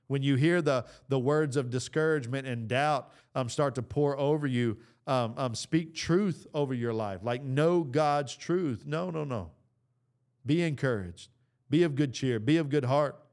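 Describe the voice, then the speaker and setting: Middle-aged male podcast host, earnest preacher delivery with casual asides, smooth clear voice. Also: mid-range voice. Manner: earnest, exhorting, with casual fillers. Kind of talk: preaching-style talk.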